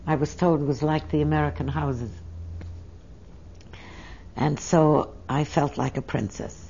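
An older woman recounts her memories in a reflective, emotional oral history interview. Her voice sits low and mellow, and the recording sounds dull and lo-fi. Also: steady tone, measured pace, gravelly, slightly rough. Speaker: interviewee telling her life story.

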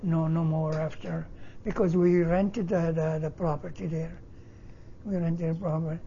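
An older man from Northern Italy, native Italian, speaking English with an Italian accent and halting, broken phrasing, telling his life story in an interview. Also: fairly high pitch, flat delivery, gravelly, dark tone, dull audio, a little hiss or hum. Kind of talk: oral history interview.

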